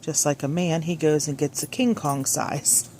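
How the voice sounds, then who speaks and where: A woman's voice: low-pitched, steady tone, moderate pace, warm tone, a little hiss or hum. A woman talking through a DIY craft on her phone camera, chatty and scattered, often correcting herself. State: a little out of breath at the start. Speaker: crafting vlogger. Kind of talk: rambling crafting tutorial. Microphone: phone clipped on, hands-free.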